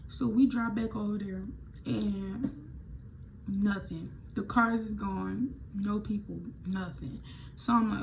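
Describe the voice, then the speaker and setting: A young woman telling a storytime vlog in slangy, animated speech that acts out the dialogue. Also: fairly high pitch, normal speed, vocal fry, slight background noise. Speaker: vlogger. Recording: slightly muffled recording.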